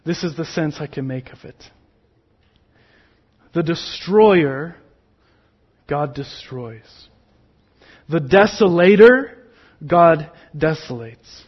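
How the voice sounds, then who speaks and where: A man preaching a sermon, slow and emphatic, with sudden drops to a near whisper on key words. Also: on the high side, expressive, breathy edge, lo-fi sound. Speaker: pastor.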